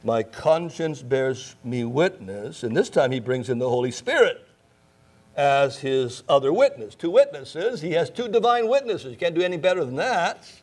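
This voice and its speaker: A man's voice: a little high, very animated, normal speed. A man preaching a sermon, emphatic, repeating key phrases and asking rhetorical questions. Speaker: pastor.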